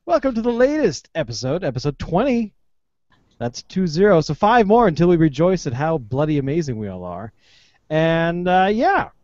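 A Canadian man co-hosting a casual beer podcast, loud and joking. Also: fairly high pitch, sing-song, moderate pace, no room sound. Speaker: podcast co-host. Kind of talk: casual chat over beers. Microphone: video call. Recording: dry muffled online call.

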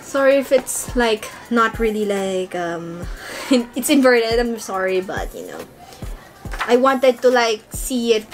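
High, gushing young woman. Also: slow pace, faint music behind. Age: young adult. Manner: gushing, squealing fangirl excitement. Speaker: vlogger. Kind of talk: excited unboxing chat.

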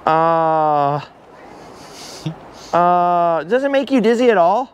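A middle-aged man vlogging outdoors from a high forest walkway, nervous and breathless, laughing at himself and repeating his worries. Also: expressive, slow, highs cut off, a little hiss or hum. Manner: jittery and self-mocking, laughs often, repeats himself. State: breathless from nerves. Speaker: travel vlogger. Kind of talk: nervous chatter to camera while walking a treetop trail.

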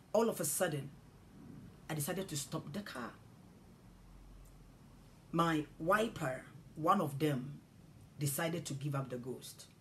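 A woman preacher from Ghana with a lowish voice tells her testimony in a sermon. She swings between hushed whispering and sudden loud, high cries as she relives the story. A faint rumble sits under the recording.

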